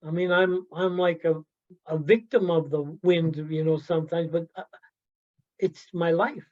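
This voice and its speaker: A man from the Yukon telling personal stories in a halting way, often asking "right?" and adding "you know" as he goes. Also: fairly high pitch, steady tone, darkish tone. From Yukon, Canada. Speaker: workshop storyteller. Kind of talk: personal storytelling talk. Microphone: video call. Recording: slightly dull video-call audio.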